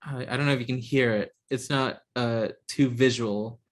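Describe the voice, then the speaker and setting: A man teaching an online software class over a video call, talking in a hesitant way with many ums and restarts. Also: mid-range voice, steady tone, moderate pace. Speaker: instructor.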